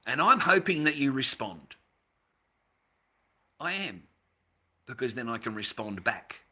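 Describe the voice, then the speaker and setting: An Australian man on a live stream, rambling and confrontational, swearing freely and veering from low muttering to loud outbursts. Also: very animated, a little slow, breathy edge. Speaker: livestreamer.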